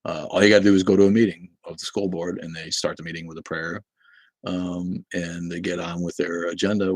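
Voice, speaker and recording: A man's voice: low-pitched, gravelly, dry recording. A man from Boston hosting a casual livestream, rambling, swearing freely and answering chat comments. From Boston, New England. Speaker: livestream host.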